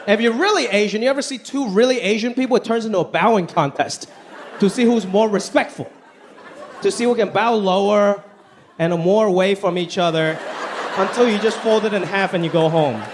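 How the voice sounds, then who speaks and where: Animated man doing stand-up, higher voice. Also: a little fast. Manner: animated, acts out quoted voices. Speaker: stand-up comedian. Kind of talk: stand-up comedy set. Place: live stage before a laughing audience. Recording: live show with crowd and faint noise.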